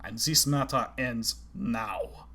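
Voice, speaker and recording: A man voicing an aristocratic veteran male colonel with a clipped, measured manner. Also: medium pitch, bright, forceful tone, breathy edge, full character voice. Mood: stern.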